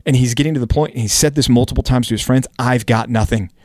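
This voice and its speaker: A man's voice: mid-range voice, fairly even intonation, rapid-fire, a little mellow, no echo, studio quality. A man hosting a casual Bible study podcast, talking in an earnest, conversational way and now and then acting out the quotes he reads. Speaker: podcast host teaching scripture.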